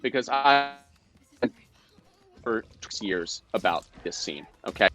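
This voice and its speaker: A man's voice: lowish voice, takes it slowly, pauses often, soft background music. A man, a guest actor on a live video call, telling behind-the-scenes stories in a casual chat with playful mock indignation. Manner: animated storyteller, mock-indignant self-defense. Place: home, indoors.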